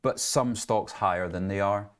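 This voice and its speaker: A man's voice: fairly low pitch, moderate pace, smooth. A middle-aged man co-hosting a live trading show, conversational with jokey asides. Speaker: co-host. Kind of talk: live market commentary.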